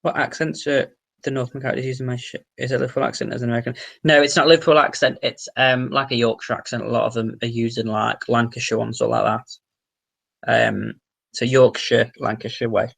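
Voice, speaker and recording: A man with a Merseyside accent hosts a relaxed livestream, reading his viewers' comments aloud and replying to each. He talks quickly, his voice has a gravelly fry, and he drops the odd swear. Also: mid-range voice. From the Wirral, England. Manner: chatty, reads out viewer comments and answers them, swears casually. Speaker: livestream host.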